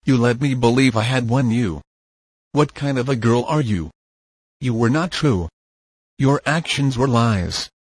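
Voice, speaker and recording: Brief: male reader as a pleading young western suitor, insistent, husky, dry close sound. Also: mid-range voice, unhurried, dry recording. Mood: angry. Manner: urgent, insistent. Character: earnest young man in love, pleading.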